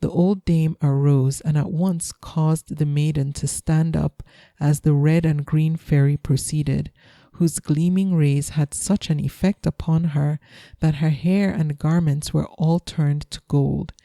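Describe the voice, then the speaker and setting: Woman, bedtime folktale reading, soothing, very mellow, dry close sound. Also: low voice, fairly even intonation, measured pace, no room sound. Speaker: storyteller. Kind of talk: calm bedtime story reading.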